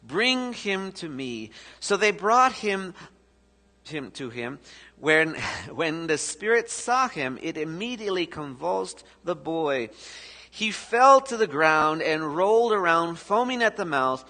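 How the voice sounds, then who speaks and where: A man preaching a sermon as pastor, telling the story with sudden shifts between loud and soft. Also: on the high side, big pitch swings, takes it slowly. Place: church sanctuary. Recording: echoey church hall.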